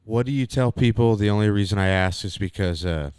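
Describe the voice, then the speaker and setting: Deep smooth-voiced podcast host. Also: male voice, a little fast, a little mellow, dry recording, clean studio sound. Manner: chatty, leading questions. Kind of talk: casual podcast interview.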